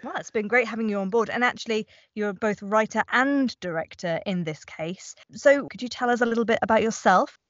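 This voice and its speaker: A woman's voice: a little high, brisk, hardly any pauses, a bit bright, dry recording, muffled recording. A woman hosting a podcast who introduces and interviews a guest with friendly, straightforward questions. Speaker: podcast host.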